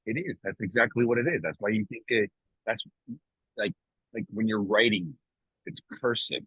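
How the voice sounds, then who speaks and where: A husky, breathy-voiced man co-hosting a casual morning podcast chat. He rambles and pushes his points hard, swearing now and then. The sound is dry and a bit dull and lo-fi. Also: on the low side, moderate pace, no room sound. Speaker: podcast co-host.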